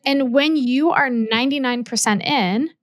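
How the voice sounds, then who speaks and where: Female podcast guest, bright upper voice, energetic storyteller, dry close mic. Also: high voice, normal speed, dry recording. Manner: energetic, candid, acts out quoted dialogue. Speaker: podcast guest, business mentor. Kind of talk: casual interview chat.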